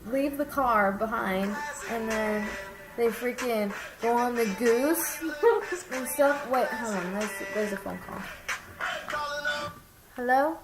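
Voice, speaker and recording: A woman's voice: fairly high pitch, slow, long pauses, loud music behind the voice. A young woman chatting casually with a friend, telling a rambling story with lots of animation. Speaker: vlogger. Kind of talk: casual chat. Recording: echoey room with faint noise.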